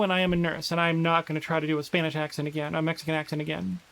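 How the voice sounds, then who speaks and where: A high-pitched man chatting his way through a survival game on a live stream. He reads found journal entries aloud with theatrical emphasis, then drops back into loose, chatty commentary. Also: little pitch movement, very fast, creaky, fairly bright tone, low-quality recording.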